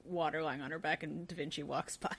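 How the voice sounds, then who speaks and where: A woman with a fairly low voice co-hosts a podcast in relaxed chat. She throws in quick asides and leans heavily on "like" as she talks. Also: slightly rough. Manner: chatty, quick asides, heavy use of "like". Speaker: podcast co-host. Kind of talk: casual chat.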